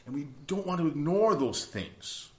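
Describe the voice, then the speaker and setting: A man's voice: fairly high pitch, very animated, normal speed, a little mellow. A man preaching a conversational sermon. He tells stories in a rambling way, with many restarts and tag questions like "right?". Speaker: pastor. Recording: roomy, dull lo-fi sound.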